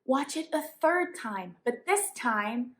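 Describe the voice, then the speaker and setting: A woman's voice: high voice, lively intonation, slow, fairly bright tone. Colombian-accented woman teaching English tips. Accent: Colombian Spanish. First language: Spanish. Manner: clear, explanatory, emphatic on examples. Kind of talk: tips lesson to camera.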